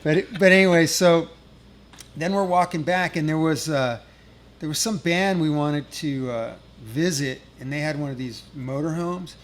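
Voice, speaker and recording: With a slightly high voice at a moderate pace, a middle-aged guest musician rambles through a profane touring story and laughs at his own tale. There's slight background noise.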